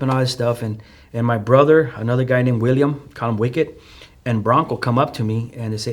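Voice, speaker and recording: A man's voice: mid-range voice, steady tone, fairly quick. Chicano man telling a hard story. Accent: Chicano English. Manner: storytelling with acted quotes, many fillers and restarts. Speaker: podcast guest. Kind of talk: emotional personal testimony.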